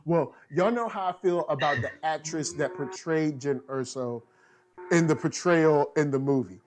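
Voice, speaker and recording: Easygoing man with a slightly higher voice. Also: normal speed, slight background noise. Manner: easygoing, laughs often. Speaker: co-host reading viewer comments. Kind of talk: casual fan review chat.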